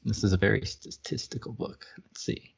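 A man's voice: fairly low pitch, steady tone, normal speed, creaky, slightly rough. A man co-hosting a casual podcast, reading a book aloud and making wry, joking remarks about it. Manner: wry, laughs at the text. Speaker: podcast co-host. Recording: muffled lo-fi recording.

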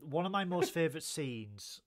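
A man co-hosting a podcast, joking playfully with sudden loud bursts. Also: fairly high pitch, big pitch swings, moderate pace. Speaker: podcast co-host. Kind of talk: casual review chat.

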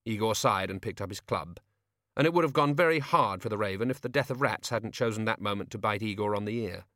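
A man narrating an audiobook with a measured, expressive reading. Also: lowish voice, dry recording, studio quality.

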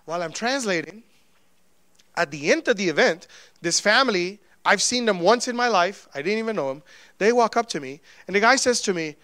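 A male pastor preaching a sermon, telling personal stories in a lively way and acting out the dialogue in them. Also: high-pitched, a little fast, no room sound. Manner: animated storytelling, acting out quoted dialogue.

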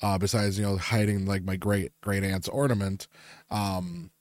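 A man's voice: low-pitched, flat delivery, moderate pace, darkish tone, no echo. A man co-hosting a casual holiday podcast chat, teasing his partner, swearing freely and laughing often. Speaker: podcast co-host.

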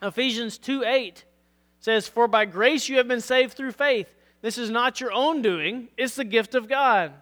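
High-voiced preacher, voice going hoarse. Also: male voice, pushed and bright, long reverb tail. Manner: earnest preaching, reads scripture aloud, asks "All right?". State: losing his voice. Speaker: pastor. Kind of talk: sermon.

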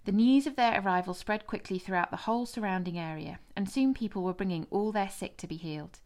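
Female narrator, mid-range voice, measured and expressive scripture reading. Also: mid-range voice. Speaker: scripture reader.

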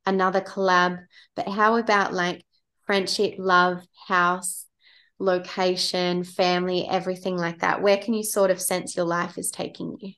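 A woman's voice: on the low side, flat delivery, measured pace. Affirming woman podcast host. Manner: warm, affirming, friendly. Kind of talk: casual interview chat.

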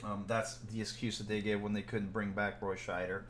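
A man's voice: fairly low pitch, fairly quick. Rambling man in an echoey room. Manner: rambling, laughs often, animated when joking. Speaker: podcast co-host. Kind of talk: casual movie chat. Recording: echoey room with faint ambient noise.

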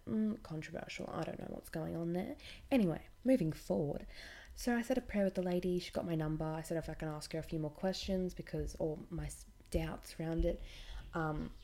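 Low, mellow-voiced woman telling stories. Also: a little fast, gravelly. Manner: chatty, blunt and irreverent, swears freely. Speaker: podcast host. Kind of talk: casual storytelling monologue.

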